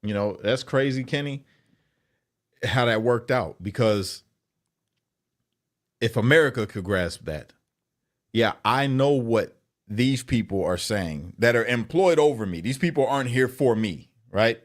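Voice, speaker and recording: A man's voice: mid-range voice, animated, measured pace, long pauses. A male podcast host in casual conversation with a mid-range voice. He talks emphatically and repeats himself for weight.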